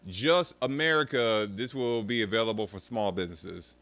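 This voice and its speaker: A young man rants to his viewers with a bright, crisp voice, cursing and mocking as he goes. His delivery is animated and loose. The sound is close and dry. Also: on the low side, moderate pace, hardly any pauses, no room sound. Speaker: streamer talking about arcade rhythm games. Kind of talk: casual rant to viewers.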